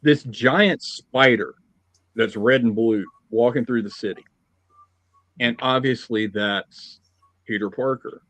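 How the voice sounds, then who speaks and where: A man's voice: lowish voice, steady tone, measured pace, fairly bright tone, dry recording. A man giving a blunt, opinionated comic review in casual chat, swearing freely. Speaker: podcast guest.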